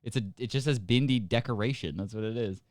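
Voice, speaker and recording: A man's voice: medium pitch, quick pace, dry recording, studio quality. A young man co-hosting a podcast who jokes and giggles as he reads things aloud from the screen. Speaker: podcast co-host. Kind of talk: casual chat.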